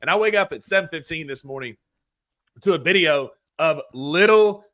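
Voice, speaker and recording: A man's voice: on the high side, lively intonation, normal speed, fairly bright tone. A man with a head cold, co-hosting a sports podcast in a chatty style, often filling with "like.". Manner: chatty, leans on "like" as filler. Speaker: sports show co-host. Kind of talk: casual podcast chat.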